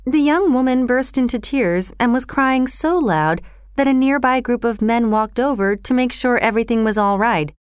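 A woman reading a storybook chapter aloud in a calm, even storytelling manner. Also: a little high, moderate pace, clear, resonant tone, no echo, clean studio sound. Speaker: narrator.

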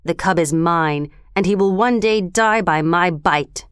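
A woman's voice: lowish voice, a little slow, smooth, dry recording, clean studio sound, natural voice. A woman voicing an arrogant, menacing male tiger in a storybook reading, speaking angrily and commandingly. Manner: domineering, angry.

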